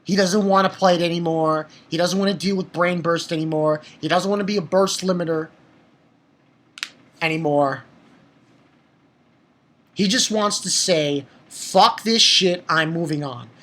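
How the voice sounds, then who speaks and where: A man's voice: sits high, fairly even intonation, moderate pace, long pauses. A man recapping an anime episode in a casual, rambling way, breaking into profane angry outbursts. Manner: profane, angry outbursts between plot summary; rambling with fillers and restarts. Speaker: anime reviewer.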